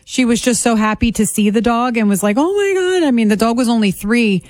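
A woman rattles through an anecdote at a quick clip, animated and acting out the voices of the people involved. The sound is dry and close. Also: on the high side, dry recording. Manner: animated, acts out quotes. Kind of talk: casual storytelling.

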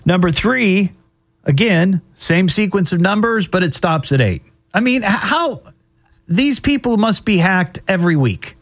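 Chatty man riffing on news, slightly high voice. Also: lively intonation, unhurried, fairly bright tone. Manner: chatty, wry, with frequent fillers and laughs. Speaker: host. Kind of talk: casual news commentary.

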